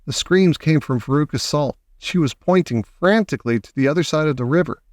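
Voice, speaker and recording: A man reading a children's story aloud in a lively, expressive way. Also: a little high, a little fast, no room sound, studio quality. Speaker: audiobook reader.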